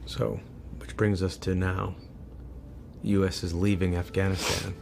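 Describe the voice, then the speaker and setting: A man working as a news correspondent, asking measured, deliberate questions in an interview. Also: deep voice, little pitch movement, gravelly, a little mellow, slight background noise.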